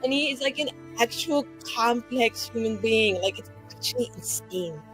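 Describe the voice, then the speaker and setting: A woman's voice: a little high, normal speed, fairly bright tone, faint music behind, natural voice. A woman playing a brash, flustered young mage. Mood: bashful. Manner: swearing, rambling, teasing. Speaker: player.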